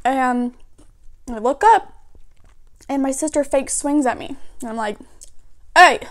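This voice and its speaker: A woman's voice: high-pitched, a little slow. A woman of about nineteen telling a personal story to her camera in a chatty, casual way, with plenty of fillers. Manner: chatty, animated retelling with fillers. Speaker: vlogger.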